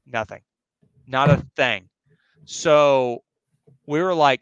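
A man's voice: on the high side, normal speed, a bit bright, no echo, lo-fi sound. A young man casually telling a spooky personal story, rambling and slangy, cursing and acting out other people's lines. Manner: rambling, slangy, profane, acts out voices. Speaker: podcast host.

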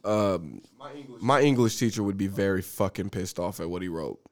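A man's voice: deep voice, normal speed. A man hosting a podcast in casual, profane chat, telling stories with lots of laughter. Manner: animated, laughing, profane storytelling. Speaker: podcast host.

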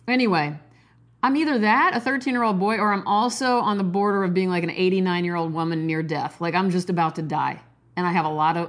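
A woman in her forties from Nebraska hosting her own podcast, talking loudly and excitedly, jumping between topics with cussing and self-mocking jokes. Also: lowish voice. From Nebraska, USA. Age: 40s. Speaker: podcast host. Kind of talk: casual solo podcast monologue.

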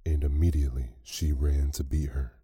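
A man narrating a classic fairy tale as a slow, soothing bedtime story. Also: extremely low pitch, fairly even intonation, husky, no room sound, clean studio sound. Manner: slow, soft, soothing reading.

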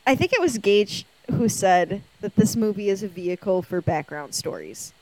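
A woman co-hosting a casual chat, sassy and animated as she tells stories. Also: medium pitch, normal speed, no echo, poor audio. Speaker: podcast co-host.

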